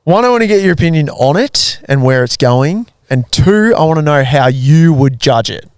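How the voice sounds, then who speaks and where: Young Aussie male podcast host, gravelly voice, dry close sound, laid-back banter. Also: a little high, lively intonation, moderate pace, dry recording. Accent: Australian. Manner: laid-back, swears casually, laughs often. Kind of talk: casual chat.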